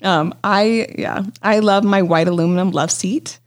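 A woman's voice: mid-range voice, steady tone, a little slow. A woman co-hosting an interior design podcast, talking in an upbeat, enthusiastic way. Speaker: podcast co-host. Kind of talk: casual chat.

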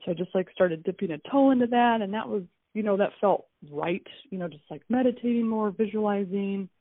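A woman recounting events in an interview, telling it in a lively way and acting out what people said. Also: brisk, no echo. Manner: animated storytelling, acts out dialogue with swings in pitch. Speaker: wife and mother recounting events. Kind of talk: recorded interview testimony. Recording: tinny phone-like audio with faint music.

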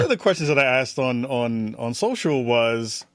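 Brief: a male host, casual questioning discussion, medium pitch, dry mic. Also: animated, moderate pace, fairly bright tone, dry recording.

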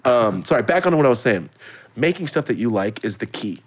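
A man's voice: mid-range voice, sing-song, fast talker. A young man hosting a podcast, rambling through stories in casual chat and swearing freely. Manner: rambling storyteller, swears freely, acts out quotes. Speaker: podcast host.

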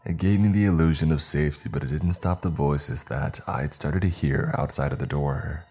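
A man narrating a horror story in a measured, steady way. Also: a bass voice, slightly rough.

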